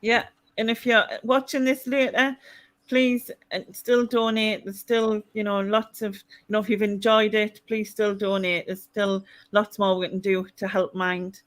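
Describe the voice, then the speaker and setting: A woman's voice: mid-range voice, little pitch movement, measured pace. Chatty woman hosting a stream. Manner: chatty, laughs often, hesitant fillers. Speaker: charity live stream host. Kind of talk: casual live stream chat.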